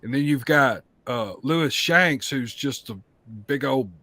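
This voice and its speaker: A man's voice: mid-range voice, measured pace, pushed and bright, no room sound. Guy on a podcast, blunt and plain-spoken, dry close mic. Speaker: podcast guest. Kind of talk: casual podcast chat.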